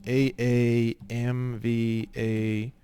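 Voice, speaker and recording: A man teaching an online course in a crude, joking way, swinging between low muttering and loud, excited rants. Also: very slow, smooth. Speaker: online legal course instructor. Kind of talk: profane, rambling screen-share lesson.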